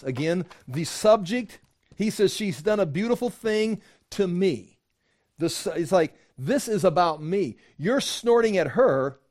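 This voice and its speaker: A man preaching a sermon, teaching from scripture in a conversational, animated way, acting out quoted voices. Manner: animated, acts out quoted voices with rising pitch; conversational, with fillers and restarts. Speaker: pastor.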